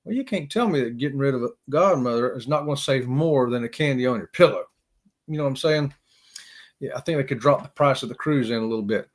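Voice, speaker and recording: A man's voice: mid-range voice, expressive, quick pace. A man hosting a casual live stream, rambling and chuckling as he talks to viewers by name.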